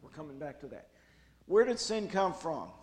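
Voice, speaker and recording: A man speaking at a youth retreat, preaching a jokey, animated sermon with big swings in loudness. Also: a little high, moderate pace, background noise.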